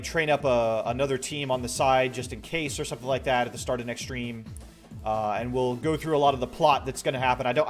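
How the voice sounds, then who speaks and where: A man streaming a game, chatting casually and rambling to his viewers, his throat a little strained. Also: medium pitch. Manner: relaxed, rambling, talks to chat. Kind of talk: casual gaming stream chat. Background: faint background music.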